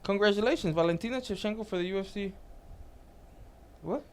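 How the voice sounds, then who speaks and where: A man co-hosting a casual podcast, telling an animated story and reading comments aloud. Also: high-pitched, a little fast, smooth. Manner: animated storytelling, reads out comments, laughs a lot. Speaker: podcast co-host.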